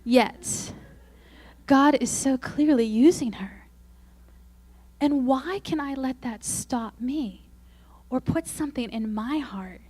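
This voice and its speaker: A woman speaking at a Christian women's conference, telling self-mocking, humorous stories and acting out quoted lines in a higher, louder voice. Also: slow pace, long pauses. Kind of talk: faith-based conference talk.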